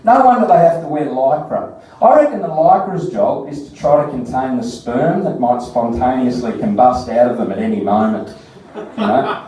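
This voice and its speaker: Australian male comic, high and mellow, crude animated storytelling, distant mic in a very echoey bar. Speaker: stand-up comedian. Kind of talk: stand-up comedy set. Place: comedy bar stage.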